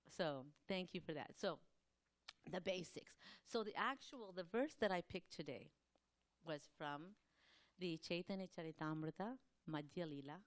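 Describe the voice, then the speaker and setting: A woman giving a scripture class, talking quickly in a loose, rambling way with many fillers and pauses to clear her throat. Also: lowish voice. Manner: fast, rambling, loosely structured delivery. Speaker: class speaker at a temple.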